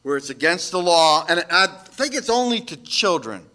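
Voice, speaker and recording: A man preaching a sermon as pastor, moving between loud shouted calls and quiet asides. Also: high-pitched, expressive, normal speed.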